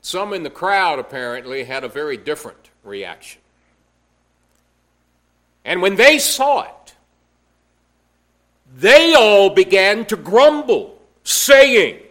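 Slow-preaching man with a high voice. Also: big pitch swings, fairly bright tone. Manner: slow, measured preaching with emphatic rises. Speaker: pastor. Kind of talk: sermon.

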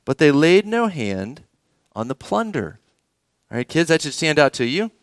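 A man's voice: on the high side, very animated, moderate pace, dry recording, studio quality. A man preaching a sermon, reading scripture aloud and asking the children in the congregation questions. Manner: engaging, asks the children questions. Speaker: pastor.

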